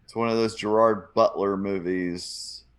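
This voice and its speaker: A man's voice: lowish voice, fairly even intonation, a little slow, clean tone. A man co-hosting a pop culture podcast, chatting casually with wry, dry humor. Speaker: podcast co-host. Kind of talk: casual chat.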